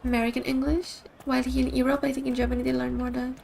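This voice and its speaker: High-voiced chatty woman streamer. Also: little pitch movement, rapid-fire, vocal fry, a little mellow. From Brazil. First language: Portuguese. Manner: chatty, upbeat, giggly. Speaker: game streamer. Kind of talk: casual stream chat with game commentary.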